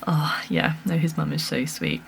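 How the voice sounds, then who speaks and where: A woman's voice: low-pitched, sing-song, moderate pace, vocal fry, a little hiss or hum. A woman chatting casually to camera at home, telling a story animatedly with laughs and fillers. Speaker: vlogger. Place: home room with a lamp.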